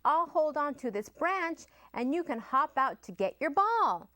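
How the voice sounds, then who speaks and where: Woman doing a fussy little pig, tidy and polite, slightly high storybook voice, lively lilt, dry sound. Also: a little slow, dry recording, full character voice. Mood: earnest. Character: neat, fussy young male pig, polite.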